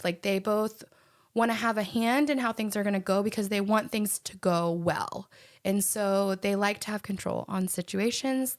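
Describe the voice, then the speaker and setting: A woman hosting a podcast, telling a story in a chatty, animated way and laughing often. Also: medium pitch. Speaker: podcast host. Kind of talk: casual storytelling chat.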